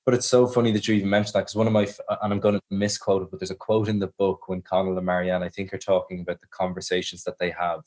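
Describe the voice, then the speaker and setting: Low-voiced Irish man, thoughtful. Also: little pitch movement, racing, few pauses, darkish tone. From Ireland. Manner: thoughtful, restarts mid-sentence. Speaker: actor guest. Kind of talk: interview answers.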